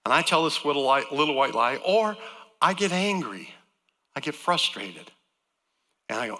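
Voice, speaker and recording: A man's voice: fairly high pitch, very animated, normal speed, long pauses. Man preaching in an echoing church. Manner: earnest preaching, voice swinging from loud emphasis to soft. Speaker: guest speaker. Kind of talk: sermon. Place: church sanctuary.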